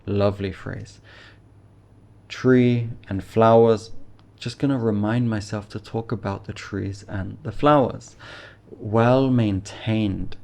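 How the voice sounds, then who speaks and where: Man, teacher, slow unhurried delivery, mellow dark tone, encouraging. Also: lowish voice, fairly even intonation, gravelly. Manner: encouraging, explains phrases then models them. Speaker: English teacher. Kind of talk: teaching IELTS speaking.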